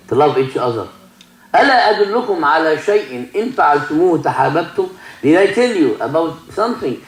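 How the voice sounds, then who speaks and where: A man with an Egyptian Arabic accent, a native Arabic speaker, preaching a sermon and telling stories in halting English full of restarts. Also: a little high, a little mellow, echoey room, low-quality recording. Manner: broken English, many restarts, mixes in Arabic. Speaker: sheikh giving a talk. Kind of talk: sermon with storytelling.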